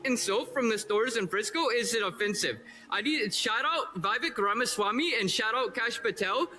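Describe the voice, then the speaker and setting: A man's voice: sits high, lively intonation, normal speed, sharp tone, faint music behind, full character voice. A man putting on a mocking caricature of an Indian immigrant man, in an exaggerated fake accent, speaking at a public meeting. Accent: put-on mock Indian accent. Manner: exaggerated, fawning, absurd speech. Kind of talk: satirical public comment at a meeting.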